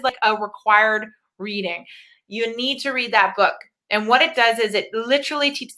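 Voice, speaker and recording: Bright-voiced blunt woman life coach. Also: medium pitch. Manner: blunt, casual, swears freely. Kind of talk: live webinar talk.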